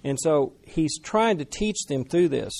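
A man preaching a sermon in a conversational, animated way, talking with the congregation. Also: on the high side, measured pace, creaky. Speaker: pastor.

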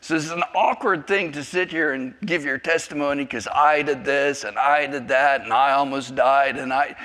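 A man's voice: a little high, bright, forceful tone. Joking man from South Africa. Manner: self-deprecating, rambling and jokey. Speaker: church guest giving testimony. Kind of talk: personal testimony to a congregation.

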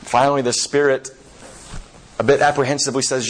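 A man giving a sermon, retelling a story with many fillers and slow, emphatic phrasing. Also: medium pitch, a bit bright, low-quality recording.

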